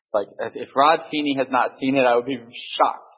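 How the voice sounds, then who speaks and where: Man, casual storyteller in a group discussion; husky voice, full of restarts and fillers. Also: medium pitch, fairly even intonation, lo-fi sound. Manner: halting, many restarts and fillers.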